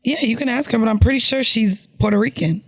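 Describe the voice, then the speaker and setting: A woman's voice: fairly high pitch, fast talker, soft background music. A woman co-hosting a podcast in a studio, talking in a brash, crude and playful way. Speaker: podcast co-host. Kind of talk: casual chat.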